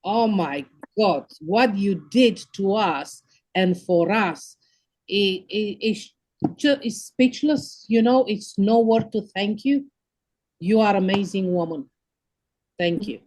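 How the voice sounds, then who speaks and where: A woman's voice: medium pitch, takes it slowly, darkish tone. A woman with a Romanian accent gushing about an event in exclamations, searching for words. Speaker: conference attendee. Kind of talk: enthusiastic casual testimonial.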